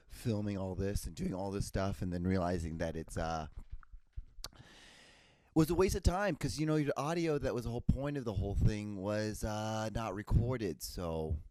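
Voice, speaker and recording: A man with a fairly low, mellow voice rambles through a casual solo monologue, doubling back on himself and tossing in jokey asides. His voice is hoarse, as if he is losing it, and the sound is close and dry with no room around it. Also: normal speed, no room sound. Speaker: podcast host.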